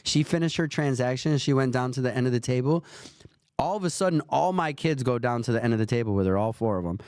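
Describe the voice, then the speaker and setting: A man's voice: medium pitch, quick pace, darkish tone, smooth, no room sound. Earnest man in his forties, dry close sound. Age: 40s. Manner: rambling, earnest storyteller with faith talk. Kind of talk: casual spiritual storytelling.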